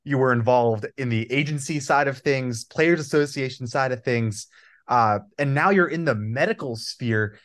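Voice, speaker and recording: A man hosting an interview, asking long, measured setup questions with a few hesitations. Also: mid-range voice, fairly bright tone. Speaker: podcast host.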